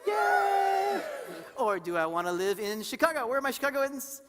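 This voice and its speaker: A woman leading a live seminar in an echoing conference hall, her tone bright and forward. She speaks animatedly, throws questions to the crowd and acts out little stories as she teaches. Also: mid-range voice, expressive, quick pace. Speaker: seminar co-presenter. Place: conference hall before an audience. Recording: reverberant hall sound.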